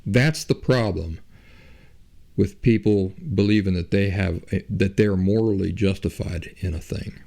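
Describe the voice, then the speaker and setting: A man's voice: deep voice, a little slow, creaky, dark tone. A man hosting a podcast, talking through an argument in a rambling monologue and asking rhetorical questions. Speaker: podcast host. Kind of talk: casual monologue.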